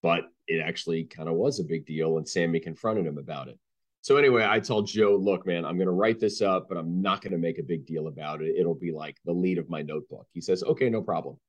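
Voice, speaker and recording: A man's voice: fast, lo-fi sound. A man, a sportswriter guest, telling anecdotes and acting out the people he quotes. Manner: deep-voiced, animated, acts out quoted people. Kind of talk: anecdotal storytelling.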